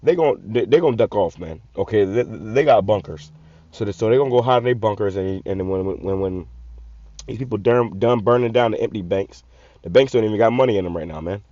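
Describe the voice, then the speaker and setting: In a warm, fairly low voice, a man hosting a channel gives profane, no-nonsense remarks on a video at a slightly fast clip. He tends to repeat words and start over. The recording is dry, muffled and lo-fi.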